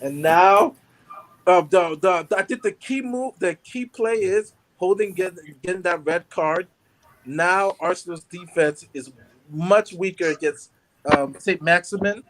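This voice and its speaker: A man chatting as an excited fan, rambling with many fillers. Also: high-pitched, measured pace.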